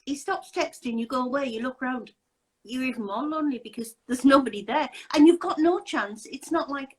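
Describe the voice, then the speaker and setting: A woman's voice: high voice, brisk, breathy edge, poor audio. A woman hosting a casual interview chat, talking in an indignant, emphatic way with many rhetorical questions. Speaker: host.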